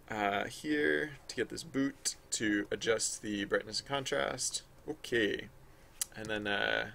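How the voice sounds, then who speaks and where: Here a male digital artist draws on a live stream, his mid-range voice carrying vocal fry and a sharp tone. His casual chatter rambles and pokes fun at himself, packed with fillers and laughs.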